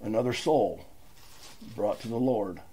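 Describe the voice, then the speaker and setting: A man's voice: fairly low pitch, a little slow, dark tone, slight background noise. An older man stands before a meeting and tells his recovery story in a folksy, plainspoken way. His talk is heartfelt and unpolished, full of everyday words. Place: meeting room.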